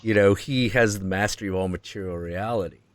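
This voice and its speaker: A man hosting a stream who tells a story in a profane, excitable way and acts out the quotes. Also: on the low side, brisk. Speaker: host.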